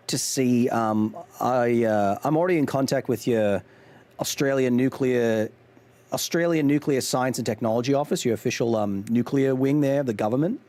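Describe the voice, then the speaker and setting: A man's voice: mid-range voice, moderate pace, darkish tone. Chatty man rambling on a game stream. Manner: rambling, chatty, talks back to chat; frequent ums and restarts, self-mocking. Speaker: gaming streamer host. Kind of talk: casual live-stream chat while playing a game.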